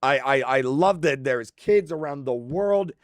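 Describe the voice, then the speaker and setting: A man's voice: mid-range voice, lively intonation, unhurried, no echo, clean studio sound. A young man who creates content, ranting emotionally and frustrated, stumbling over his words and repeating himself. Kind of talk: emotional on-camera rant.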